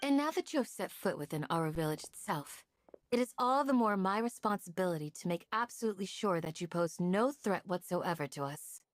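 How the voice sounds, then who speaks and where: A woman voicing a calm, dutiful female village guardian in a video game, who speaks in a formal, composed and polite way. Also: fairly low pitch, a little fast, no room sound, close to an everyday voice.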